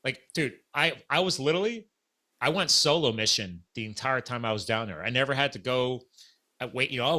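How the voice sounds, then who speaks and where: A man casually telling a long story in a podcast chat, animated and acting out the dialogue of people he met. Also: mid-range voice. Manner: animated, acts out quoted dialogue.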